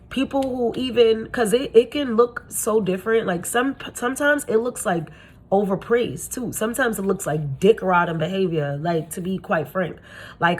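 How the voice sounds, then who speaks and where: A young adult woman, a spiritual reader, giving blunt, profane and slangy advice in a casual monologue. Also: slight background noise. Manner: acts out quoted people in high gushing voice.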